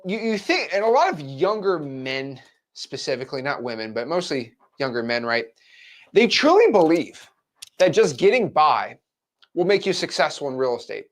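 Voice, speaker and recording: Young male business coach, straight-talking, animated delivery with a wide pitch range, addressing camera. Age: 20s. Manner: blunt, frank and animated. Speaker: real estate wholesaling coach. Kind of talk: motivational talk to camera.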